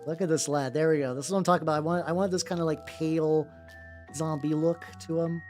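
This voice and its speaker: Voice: medium pitch, steady tone, quick pace, over music. A streamer chatting casually while painting miniatures, rambling with many stammered restarts and casual swearing.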